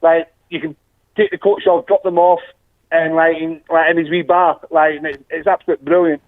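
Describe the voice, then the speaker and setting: A man's voice: on the high side, flat delivery, brisk, dry recording. A Glaswegian man chatting as a guest fan, telling rambling stories with restarts and laughter. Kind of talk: casual chat, storytelling. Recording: tinny phone-like line.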